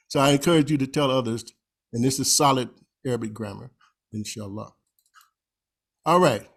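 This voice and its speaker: A man presenting a grammar lesson from a slideshow at a convention, slowly repeating recited phrases and stressing words emphatically. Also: mid-range voice, gravelly, husky.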